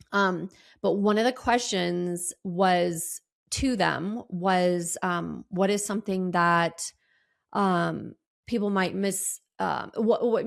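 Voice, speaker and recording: Casting: woman in her thirties, middle-pitched, candid rambling podcast host. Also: vocal fry. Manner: candid, rambling, with many fillers and restarts; animated quoted asides in a higher voice. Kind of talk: solo podcast monologue.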